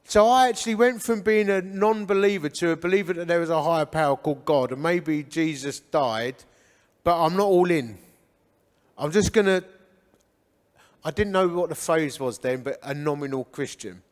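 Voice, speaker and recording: A lively English man with a high voice speaks at a normal speed in a reverberant church hall before an audience. He's a guest speaker sharing his life story as a church testimony, animatedly acting out what people said to him.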